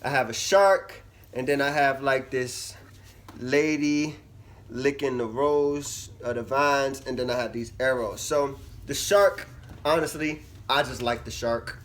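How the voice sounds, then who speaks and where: A man's voice: mid-range voice, measured pace. Chatty young man vlogging to camera. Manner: chatty, animated, swings from loud to mumbly. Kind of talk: casual vlog talk to camera.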